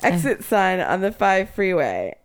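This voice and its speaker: A woman's voice: medium pitch, very animated, measured pace, gravelly. A woman co-hosting a podcast, telling a news story in casual, profane chat and acting out what others said. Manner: storytelling, profane, acts out quotes. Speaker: podcast co-host, news segment.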